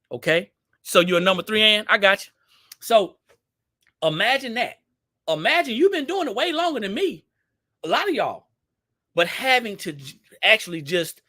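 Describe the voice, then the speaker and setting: Shop owner with a Louisiana twang, casual live-stream host, chatty and repetitive, higher-pitched male voice. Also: sharp tone. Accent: Louisiana Southern. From Baton Rouge, Louisiana. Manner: chatty, repeats himself, addresses viewers directly.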